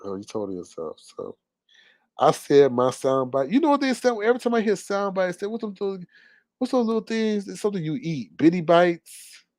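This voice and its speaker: A man's voice: high-pitched, sing-song, a little fast, a little mellow, dry recording. Sassy, gossipy man with dry sound. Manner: sassy, gossipy, laughing asides. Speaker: commentary vlogger. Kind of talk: casual commentary.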